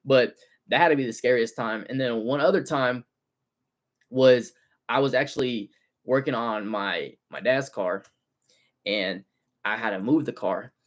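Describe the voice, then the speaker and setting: A young man tells stories on his car-detailing livestream. His voice sits at an ordinary pitch for a man, and he talks in an animated, slangy way that is full of swearing. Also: measured pace, long pauses. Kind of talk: casual storytelling livestream.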